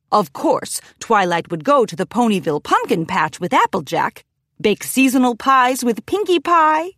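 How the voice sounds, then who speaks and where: A woman reading a children's audiobook aloud in a lively, expressive storytelling manner, recorded close in a studio. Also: on the high side, no room sound. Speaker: audiobook narrator. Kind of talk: scripted children's audiobook narration. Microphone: close studio mic, dry.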